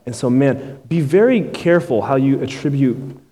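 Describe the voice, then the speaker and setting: A man's voice: medium pitch, expressive, normal speed, mellow, in a large hall. A male pastor delivering a sermon in a loose, conversational way, often checking in with his listeners. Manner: conversational preaching, keeps tagging "right?" and "man".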